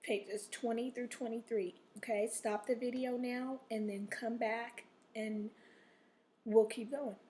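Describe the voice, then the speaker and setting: A woman teacher with a somewhat high voice records a reading lesson for young pupils. She talks patiently, stops often to check in with them, and reads passages aloud with expression to model it. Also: steady tone, slow pace, mellow. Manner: patient, repeats "okay?" to check in.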